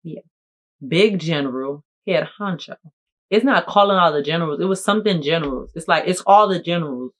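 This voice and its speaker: A woman content creator chatting casually to camera in a playful, jokey, animated way. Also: on the low side, fairly quick. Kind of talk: casual vlog talk to camera.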